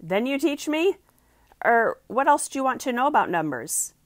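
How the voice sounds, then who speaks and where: A woman voicing an eager young sailor from a storybook, asking halting questions about numbers. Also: fairly high pitch, big pitch swings, no room sound, studio quality, voice pushed up.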